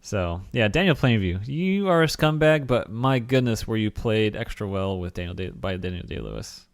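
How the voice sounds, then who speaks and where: A man's voice: on the low side, sing-song, normal speed, no echo, clean studio sound. A man co-hosting a casual film-review podcast, rambling with fillers and laughing often. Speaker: podcast co-host.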